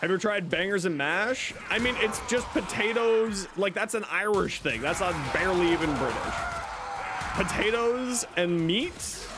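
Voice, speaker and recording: A man's voice: sits high, expressive, moderate pace, few pauses, over loud music. A young man streaming a video game, chatting casually with his viewers while he plays. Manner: chatty, answers chat while playing. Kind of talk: casual gaming livestream chat. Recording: game audio and background noise.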